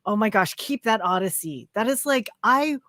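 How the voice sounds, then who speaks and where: A Canadian woman in her thirties chatting casually on a livestream, full of fillers and quick laughs. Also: medium pitch, expressive, fairly bright tone, no room sound, clean studio sound. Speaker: co-host, crochet designer.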